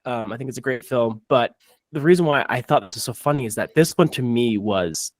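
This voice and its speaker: A man hosting a casual podcast, talking in a rambling, animated way with many restarts. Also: mid-range voice, brisk, no echo. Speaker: podcast host reviewing ads. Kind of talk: casual chat.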